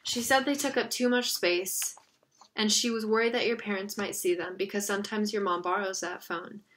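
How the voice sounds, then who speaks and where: A woman's voice: medium pitch, steady tone, moderate pace, a bit bright, a little hiss or hum, close to an everyday voice. A woman voicing a distraught teenage boy on the phone, voice cracking with worry in a storybook reading. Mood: anxious.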